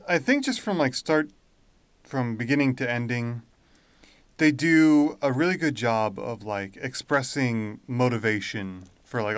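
A man's voice: medium pitch, fairly bright tone, no room sound. A man co-hosting a podcast, thinking aloud in a hesitant, casual way. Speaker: podcast co-host. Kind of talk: casual chat.

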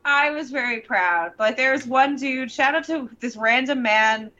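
A young woman co-hosting a casual podcast chat, telling rambling, animated stories full of "like.". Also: high-pitched, moderate pace, lo-fi sound. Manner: rambling, animated storytelling with many "like"s. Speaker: podcast co-host.

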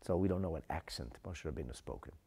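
A man teaching a Talmud lesson, asking rhetorical questions, reading Aramaic phrases and translating them, moving from quiet asides to loud emphasis. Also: very deep voice, lively intonation, fast talker, breathy edge.

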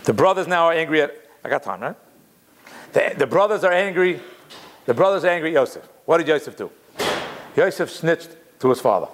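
A man teaching a Torah class in a lively, conversational way, weaving Hebrew quotations into plain talk. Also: a little high, brisk, pauses often. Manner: animated, conversational, mixes Hebrew quotes in.

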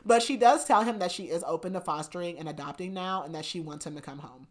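A woman hosting a podcast, casually retelling a novel's plot with animated quoted dialogue and frequent laughs. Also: on the low side, fast talker. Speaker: podcast host. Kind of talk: casual book recap chat.

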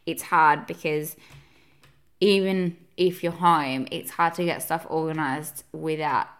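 A woman's voice: deep voice, steady tone, slow pace, smooth. A young woman co-hosting a podcast, chatting casually in a wry, chatty way. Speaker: podcast co-host. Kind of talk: casual chat.

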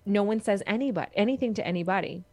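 A woman co-hosting a casual podcast chat, talking in an earnest, emphatic way and repeating herself to drive points home. Her voice sits at an ordinary middle pitch. The sound is close and dry, with no room around it. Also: fast talker, darkish tone, dry recording. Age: adult with a young son. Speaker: podcast co-host.

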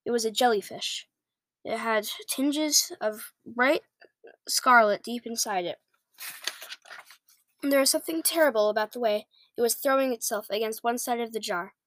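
A woman reads a children's book aloud, sometimes tripping over a word and starting it again. Her voice sits a little high. The sound is dry and close. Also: normal speed, fairly bright tone, dry recording. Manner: stumbles and restarts words. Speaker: reader.

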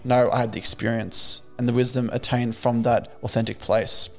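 A young man's gravelly voice as a guest on a podcast. He speaks earnestly about his work and stumbles and restarts as he searches for words. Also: medium pitch, level tone, normal speed, soft background music. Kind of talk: casual interview chat.

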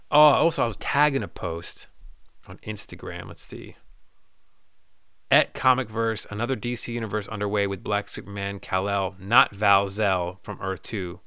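Guy doing a solo podcast rant, joking and swearing a lot, bright voice, dry close mic. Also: on the low side, fairly even intonation, moderate pace, clean tone, no echo. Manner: loose, profane, joking, breaks into goofy voices. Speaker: podcast host. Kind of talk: solo podcast rant, reading listener messages.

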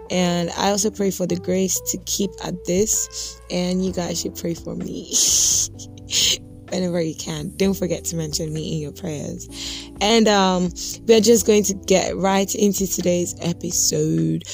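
A woman's voice: lowish voice, steady tone, unhurried, darkish tone, soft background music. Earnest woman, devotional podcast. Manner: earnest, repeats points for emphasis. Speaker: podcast host.

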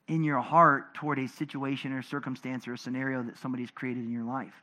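A pastor preaching a sermon to his congregation, animated, swinging between loud emphatic passages and low, quiet ones. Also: muffled recording.

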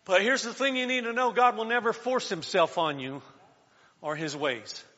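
Male pastor, high voice; sermon delivery with shouted calls and soft asides; dull, echoing church hall sound. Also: moderate pace. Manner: preaching with call-and-response, swinging from shouts to quiet asides.

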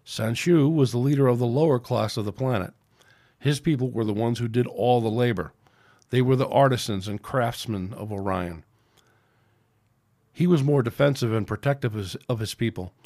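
A man reads his own story aloud as podcast host, in an ordinary middle voice. His delivery is steady and plain, with small slips. The sound is dry and close. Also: medium pitch, normal speed, no echo. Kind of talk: reading fiction aloud.

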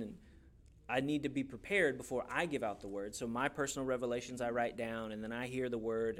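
A man teaching a youth Bible class in a casual, joking way, asking the class questions as he goes. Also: mid-range voice.

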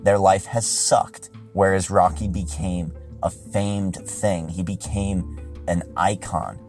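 A man hosting a podcast, giving a casual, rambling movie review that gets excitable and profane when he is riled up. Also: deep voice, takes it slowly, soft background music. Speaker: podcast host.

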